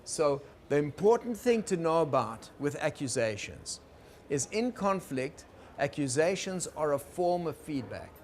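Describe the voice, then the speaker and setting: A man teaching about conflict in a gentle, explaining lecture style, checking in with his listeners. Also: a little high, very animated, measured pace, slight background noise. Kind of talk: recorded lecture.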